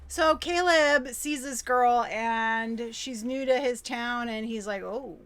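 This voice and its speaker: A woman's voice: on the high side, slow pace, a bit bright, smooth. A woman recapping a movie plot in casual chat, laughing and quoting the characters as she goes. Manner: retells film scenes with laughs, mimicking characters. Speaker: podcast co-host.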